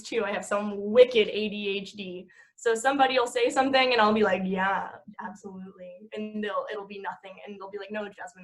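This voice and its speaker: A young adult woman chatting as a podcast guest, rambling and laughing at herself as she talks. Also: medium pitch. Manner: rambling, laughing, self-mocking. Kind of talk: casual podcast chat.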